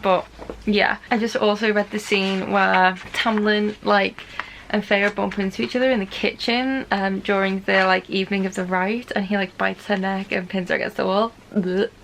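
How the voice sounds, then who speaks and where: A young woman chatting excitedly on her reading vlog, gushing with lots of fillers. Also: mid-range voice, vocal fry, a little hiss or hum, poor audio. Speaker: book vlogger. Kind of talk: casual reading vlog chat.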